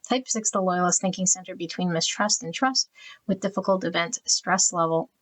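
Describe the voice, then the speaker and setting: A woman giving a pick-a-card tarot reading, talking quietly and evenly and reading card meanings as lists of words. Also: normal speed, poor audio. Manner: quiet, even and low-key, trying not to be loud early in the morning. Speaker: tarot reader.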